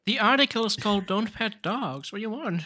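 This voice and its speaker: Blunt teasing man with a bright voice. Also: high voice, lively intonation, brisk, dry recording, clean studio sound. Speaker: podcast co-host. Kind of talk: casual chat.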